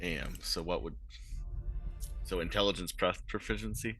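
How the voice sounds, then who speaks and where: A man's voice: sits low, normal speed, fairly bright tone, no room sound, faint music behind. A man playing in a tabletop game, speaking hesitantly with laughs. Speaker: player. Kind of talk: tabletop role-play.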